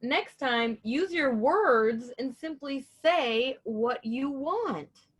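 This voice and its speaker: A woman voicing a playful male crow in a picture-book reading, speaking slowly and drawn out in a raised voice. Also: high-pitched, very animated, pushed and bright, voice pushed up, heavily acted. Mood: kind. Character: cheeky male crow, playful then kind.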